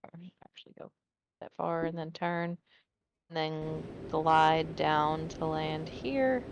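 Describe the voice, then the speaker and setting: A woman's voice: low-pitched, slow pace, muffled recording, music in the background. A woman playing a tabletop game, describing her character's moves while thinking aloud. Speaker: player.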